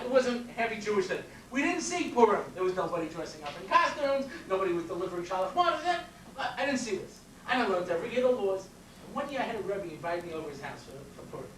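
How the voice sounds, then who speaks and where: A man's voice: very high voice, fairly bright tone. A man from Long Island, New York, giving a storytelling lecture as a rabbi and educator, constantly checking in with his listeners. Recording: roomy, distant mic with faint noise.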